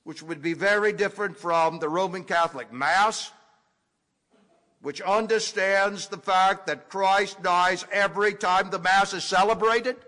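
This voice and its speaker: A man preaching an expository sermon, teaching deliberately and leaning hard on key words. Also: sits high, pushed and bright. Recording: echoey hall with long reverb.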